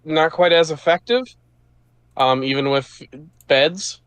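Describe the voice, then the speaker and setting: A man's voice: on the high side, slow pace, fairly bright tone, clean tone, no room sound. A man running a tabletop game as game master, explaining rules in an easygoing way.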